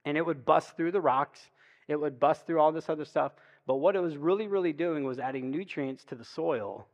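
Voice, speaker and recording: A fairly high-voiced man preaching to his congregation, chatty and anecdotal rather than formal. His voice carries a long reverb from the church hall around him. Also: a little fast, darkish tone, lo-fi sound. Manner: conversational, chatty storytelling with frequent "like" and "right?". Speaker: pastor. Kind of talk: sermon. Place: church sanctuary.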